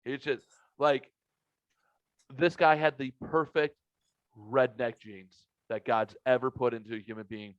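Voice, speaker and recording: A man telling a story on a podcast, swearing freely and getting animated as he goes. His voice sits in a middle register. The recording is dull and dry, with no room sound. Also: medium pitch, measured pace, pauses often, smooth, no room sound. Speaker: podcast host. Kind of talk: casual podcast chat.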